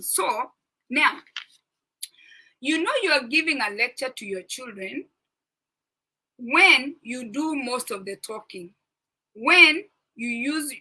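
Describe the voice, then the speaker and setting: Bright-voiced middle-aged woman giving earnest advice. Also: high-pitched, rough recording. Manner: earnest and instructive, repeats points, checks in with listeners. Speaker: parenting talk host. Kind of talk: informal talk discussing a parenting book.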